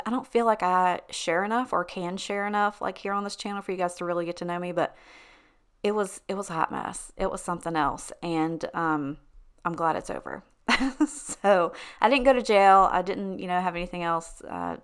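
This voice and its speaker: A woman's voice: on the low side, smooth. A woman vlogger telling a story in a chatty, casual way, often breaking into laughter. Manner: chatty, laughs between lines, animated retelling. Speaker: lifestyle vlogger.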